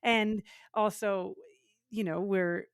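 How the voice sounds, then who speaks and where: A woman hosting an interview, asking questions and joining in with gentle laughs. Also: mid-range voice, steady tone, takes it slowly, dry recording, clean studio sound. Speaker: podcast host.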